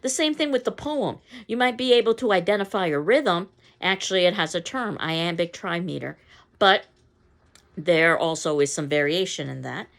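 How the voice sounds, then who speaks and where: A woman's voice: on the low side, normal speed, fairly bright tone. A woman teacher giving a recorded lecture on poetry, explaining in a conversational way. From not from the local area. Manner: explanatory, conversational, reads poem aloud in stressed beats.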